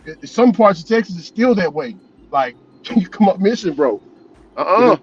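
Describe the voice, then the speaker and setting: A man's voice: high voice, lively intonation, normal speed, slightly rough, dull audio. A man vlogging as a delivery driver, chatting casually and telling loose, profane stories with frequent laughs. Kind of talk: casual chat.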